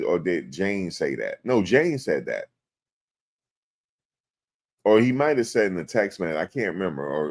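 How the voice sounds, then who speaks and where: Man, casual commentary host, slangy and animated, lowish voice. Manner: animated, slangy, acts out quotes in exaggerated voices. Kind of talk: casual live-stream commentary.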